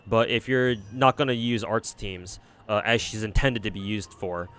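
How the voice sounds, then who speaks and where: Male streamer with a fairly low voice; loose, sweary, rambling gameplay chatter. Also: moderate pace, a bit bright. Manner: rambling, profane, frequent fillers and restarts. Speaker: game streamer. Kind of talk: casual gameplay commentary.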